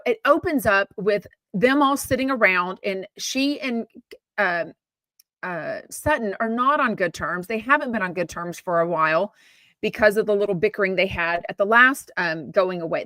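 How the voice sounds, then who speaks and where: A woman's voice: mid-range voice, pushed and bright, no echo. A woman from Texas, hosting a podcast in a blunt, chatty, opinionated way with casual swearing. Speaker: podcast host. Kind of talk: casual gossip commentary.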